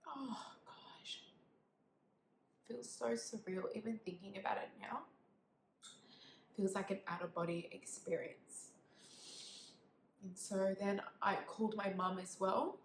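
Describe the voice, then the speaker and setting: A young woman tells a painful personal story to camera, halting and emotional, with many fillers and quiet, whispered moments. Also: medium pitch, steady tone. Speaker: vlogger. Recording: echoey room with faint background noise.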